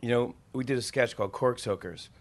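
A man, a comedian and TV host, telling animated stories and laughing often in a casual interview. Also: medium pitch, fairly quick, no room sound.

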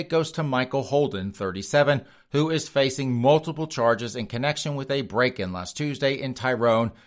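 A man hosting a comedic news show, reading stories and joking about them while addressing his audience directly. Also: medium pitch.

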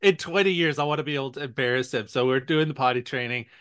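A man co-hosts a podcast in a casual chat, talking at a racing clip in a smooth, medium-pitched voice. He laughs often and tells stories with lively energy.

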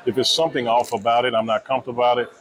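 A man's voice: medium pitch, flat delivery, rapid-fire, rough recording. A man working as a nightclub head of security, telling stories casually and acting out dialogue in raised voices. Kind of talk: casual storytelling in an interview. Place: busy restaurant. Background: crowd chatter.

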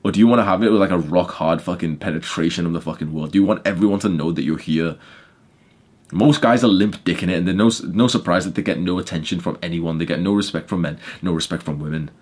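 A young man with a low voice gives a casual motivational talk on his podcast. He is blunt and swears freely, leaning on fillers, and his volume climbs when he drives a point home. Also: quick pace. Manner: blunt, swearing, many fillers, gets loud. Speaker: podcast host.

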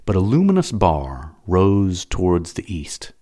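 Deep-voiced man reading an audiobook. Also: measured pace. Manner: dramatic, expressive reading. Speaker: narrator. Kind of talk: scripted audiobook narration.

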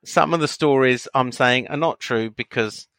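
A man's voice: mid-range voice, moderate pace, fairly bright tone, no room sound. A man co-hosting a podcast, chatting casually, hesitant, defending himself with stammering restarts. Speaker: podcast co-host. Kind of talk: casual chat.

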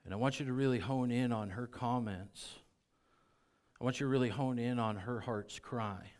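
A man's voice: mid-range voice, moderate pace. Emphatic middle-aged male preacher. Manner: emphatic, repeats key phrases, drops to quiet intensity. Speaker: pastor. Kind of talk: sermon.

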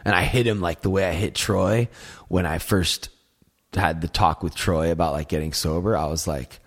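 A man with a husky, slightly low voice tells long, meandering stories in relaxed conversation. He swears freely and leans on "like" constantly, drifting from one tangent to the next. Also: normal speed. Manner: rambling, profane storytelling, heavy use of "like". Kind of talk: casual chat.

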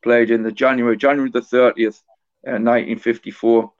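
Halting man, flat voice, dull recording. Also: mid-range voice. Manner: halting, often repeats words and restarts. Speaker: author guest. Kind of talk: conversational storytelling interview.

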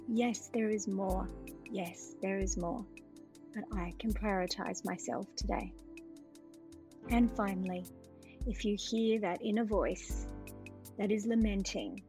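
A middle-aged woman hosting a solo podcast, speaking gently, slowly and reflectively to her listeners. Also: medium pitch. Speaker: podcast host.

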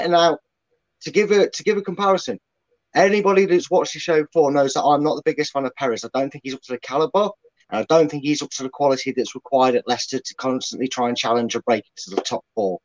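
A man's voice: on the high side, fast talker, highs cut off. A man giving strong opinions as a guest fan pundit, speaking from his bedroom. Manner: opinionated, dry. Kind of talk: casual chat.

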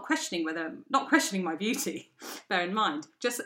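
Animated woman telling a comic story. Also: on the low side, normal speed. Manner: animated, acts out quoted voices, exasperated. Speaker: podcast co-host. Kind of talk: casual chat, comic storytelling.

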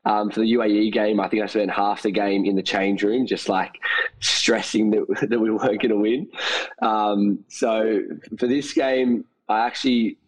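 Tired, hoarse-voiced young man. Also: lowish voice, normal speed, poor audio. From Australia. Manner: excited, laughing, many fillers and restarts. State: losing his voice, tired. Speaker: guest, team staff member. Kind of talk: casual interview chat.

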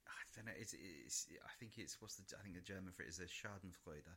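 A man's voice: deep voice, fast talker, sharp tone, slightly rough. A young man from co-hosting a podcast, chatting in a rambling, sweary way and acting out what people said. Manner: rambling and sweary, full of "like", acts out quotes. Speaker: podcast co-host. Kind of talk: casual chat.

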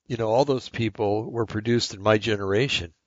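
Blunt older man, low and dry. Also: fairly quick, no room sound, dull audio. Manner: blunt, rambling, with many restarts. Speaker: podcast host. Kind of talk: opinionated monologue.

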